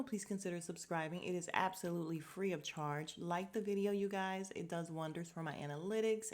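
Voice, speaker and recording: A young woman hosting a casual podcast recap, animated and swearing freely, acting out scenes in quick little voices. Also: fairly low pitch. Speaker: podcast host.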